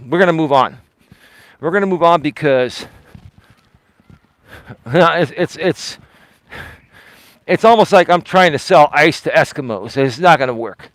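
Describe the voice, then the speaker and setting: A man's voice: fairly high pitch, unhurried, fairly bright tone, smooth, no echo. A man hosting a casual live stream, talking straight to his chat, emphatic and defensive and repeating himself for effect. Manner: talks straight to chat, asks pointed questions. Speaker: livestream host.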